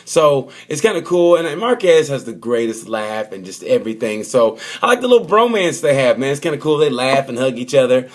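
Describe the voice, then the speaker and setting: A man talks casually straight to the camera and mixes his opinions with jokes. His voice sits at an ordinary middle pitch. He rambles and acts out little quotes as he goes. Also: expressive, fairly quick, few pauses. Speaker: motorsport vlogger. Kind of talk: casual comedic race review.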